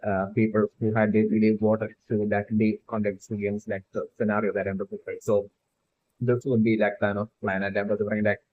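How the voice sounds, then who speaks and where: A fan theory video maker speaks briskly in a lowish, flat voice on a dry recording that still sounds tinny and phone-like. Rambling solo about a theory, he restarts sentences and fills almost every phrase with "like" and "uh."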